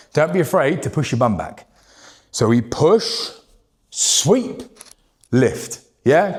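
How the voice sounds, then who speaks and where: Man, fitness coach, encouraging, slightly high voice, lively and bouncy delivery. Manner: encouraging, cueing moves and counting down. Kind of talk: guided workout instruction.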